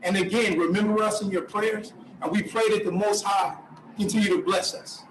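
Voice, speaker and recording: A man's voice: sits high, steady tone, normal speed. A man hosting a virtual event, earnestly delivering closing remarks and appealing to his audience. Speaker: event host. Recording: roomy, distant, faint noise.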